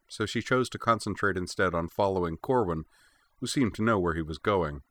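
A man narrates a fantasy novel in a measured, steady storytelling voice. His pitch is low and deep, and the recording is dry and close, with no room sound. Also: dry recording. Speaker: audiobook narrator. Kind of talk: scripted narration.

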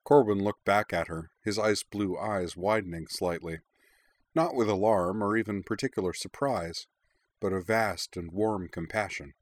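A man narrating a story in a measured, expressive reading. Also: lowish voice, no room sound. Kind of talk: audiobook narration of fan fiction.

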